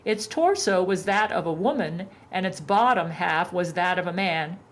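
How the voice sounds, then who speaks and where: A woman narrating a story in a deadpan reading voice. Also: on the low side, normal speed.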